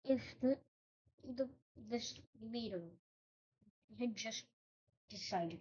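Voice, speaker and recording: A woman's voice: on the high side, expressive, a little slow, lo-fi sound. A woman casually narrating over a map, hesitant, with frequent ums and self-corrections.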